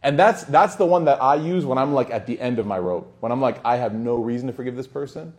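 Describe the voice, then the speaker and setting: Man, religious study circle teacher, informal lesson, jokey storyteller, average pitch. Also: fast, darkish tone. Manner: joking, anecdotal, acts out dialogue.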